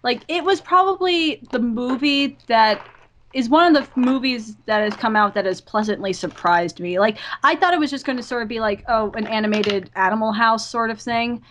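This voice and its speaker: Animated young-sounding woman gushing. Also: fairly high pitch, moderate pace, a little hiss or hum. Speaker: podcast guest. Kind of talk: casual podcast chat.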